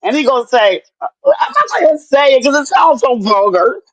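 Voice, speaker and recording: A woman on a video call, telling stories in a casual chat, animated and laughing with lots of swearing. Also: sits high, moderate pace, no echo. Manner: animated, laughing, profane storyteller. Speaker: guest recovering at home. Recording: dull lo-fi dry sound.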